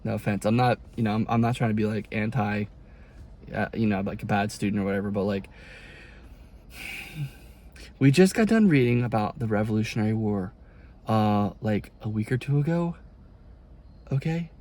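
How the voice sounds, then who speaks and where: A man's voice: on the low side, expressive, brisk, a little mellow. A young man, a college student, rambling in a casual confession vlog, exasperated and full of folksy turns of phrase.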